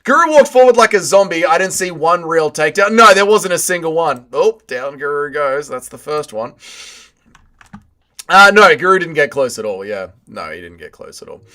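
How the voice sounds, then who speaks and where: A young man hosts a livestream, reading out viewer messages and answering in chummy, profane banter. His voice sits a little high and has a bright, forceful edge. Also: big pitch swings, normal speed. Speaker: livestream host. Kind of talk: casual chat, reading viewer chat aloud.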